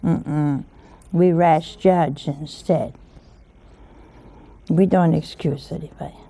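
A woman's voice: low-pitched, fairly even intonation, takes it slowly, creaky, warm tone. A woman giving an informal sermon in a folksy way, often asking her listeners rhetorical questions. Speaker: religious teacher.

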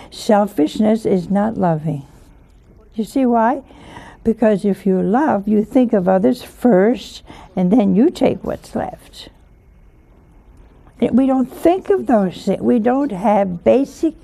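Woman giving a homey little sermon, gravelly and kinda dark voice, asks the room questions a lot. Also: medium pitch. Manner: folksy, asks the listeners rhetorical questions. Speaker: religious teacher. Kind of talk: informal sermon.

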